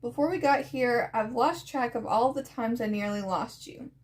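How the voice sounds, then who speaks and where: A woman reading aloud as Clementine, a weary young woman survivor who speaks gently to a boy she is leaving behind. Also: a little high, normal speed, close to an everyday voice. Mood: tender.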